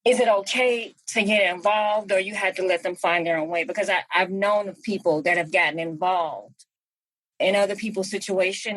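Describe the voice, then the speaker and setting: A woman's voice: fairly low pitch, a bit bright, dry recording, rough recording. A woman hosting a podcast interview, asking questions and encouraging her guest with short affirmations. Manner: encouraging, frequent affirming murmurs. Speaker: podcast host.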